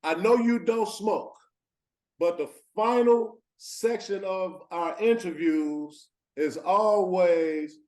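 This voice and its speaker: A man's voice: sits high, slow pace. A man hosting a podcast, chatting casually and encouraging his guest. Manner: relaxed, encouraging, echoes the guest's words. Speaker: podcast host. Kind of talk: casual interview chat.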